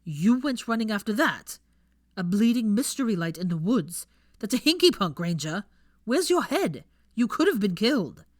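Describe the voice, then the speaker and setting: Woman reading as a sharp-tongued young man, loud and scolding, dry close sound. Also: lowish voice, big pitch swings, normal speed, no room sound. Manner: shouting, scolding.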